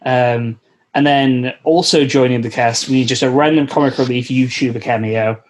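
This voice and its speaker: A man's voice: medium pitch, fairly even intonation, normal speed, darkish tone. A man co-hosting a comedy podcast, riffing casually with lots of fillers and jokes. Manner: rambling, joking, many fillers. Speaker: podcast co-host.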